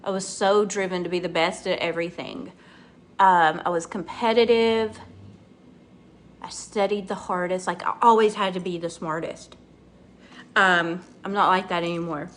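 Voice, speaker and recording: A woman's voice: lowish voice, steady tone, normal speed, fairly bright tone. A middle-aged woman, chatting and rambling through a casual makeup tutorial and talking to her viewers by name. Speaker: makeup vlogger.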